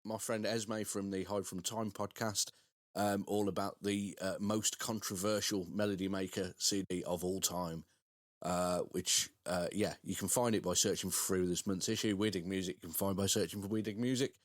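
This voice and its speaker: A man co-hosting a podcast who plugs his episodes in a relaxed, hesitant way, with many "uh"s. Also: deep voice, normal speed, dry recording, clean studio sound. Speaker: podcast co-host. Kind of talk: casual podcast chat, plugging his shows.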